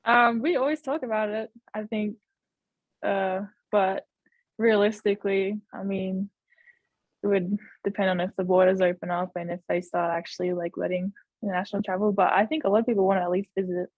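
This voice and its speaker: A woman's voice: mid-range voice, fairly even intonation, brisk, dry recording, narrow, tinny audio. A young Australian woman, a college basketball player, chatting casually on a video call and laughing between phrases. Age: young adult. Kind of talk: casual interview chat.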